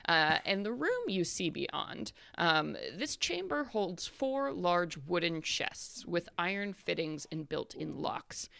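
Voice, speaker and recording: A woman's voice: on the low side, gravelly, fairly bright tone, no echo. A woman narrating a tabletop game as game master over a video call, chatty with many ums and uhs.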